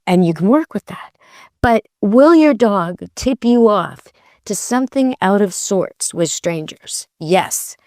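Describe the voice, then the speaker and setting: A woman's voice: mid-range voice, no room sound, studio quality. A woman pet expert hosting a podcast, telling stories casually and acting out quoted voices. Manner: lively storyteller, acts out quoted voices, laughs. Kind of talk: casual storytelling and advice.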